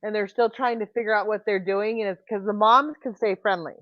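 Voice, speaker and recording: A woman hosting a livestream, talking in casual chat and telling rambling, animated stories full of restarts. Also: medium pitch, brisk, no room sound, lo-fi sound. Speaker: livestream host.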